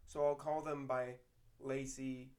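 A woman, an elementary school teacher, telling class stories in a lively casual chat. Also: extremely low pitch, measured pace. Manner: lively storytelling, bursts of laughter.

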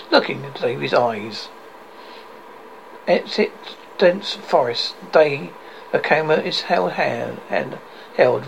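A man's voice: on the high side, vocal fry, a little hiss or hum, rough recording. A man reading a screenplay aloud, reading the stage directions plainly with slips and restarts. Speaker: script reader.

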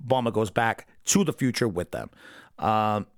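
A man giving a casual, rambling episode review as a podcast host, swearing freely and breaking into quick impressions of character lines. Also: lowish voice, animated, no room sound, studio quality. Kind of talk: casual unscripted commentary.

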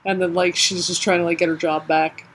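A woman's voice: lowish voice, flat delivery, brisk, slight background noise. A woman from Colorado co-hosting a comics podcast, chatting casually in a wry, teasing way and swearing freely. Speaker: podcast co-host. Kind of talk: casual chat.

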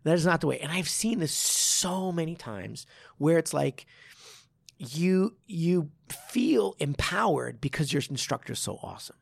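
A man who teaches martial arts, talking in a casual podcast chat and telling a story with animated swearing and frequent restarts. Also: on the high side, a little slow, gravelly, dry recording, studio quality.

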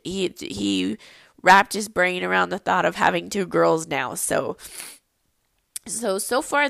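A woman's voice: fairly low pitch, gravelly, a bit bright, dry recording. A pregnant young woman chatting casually on her own podcast, rambling with lots of ums. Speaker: podcast host. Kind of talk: casual solo podcast chat.

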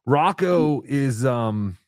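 A man's voice: lively intonation, very slow, a little mellow, dry recording, studio quality. A man hosting a casual podcast chat, joking around and breaking into silly impression voices. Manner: jokey, swings into high silly impression voices. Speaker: podcast host.

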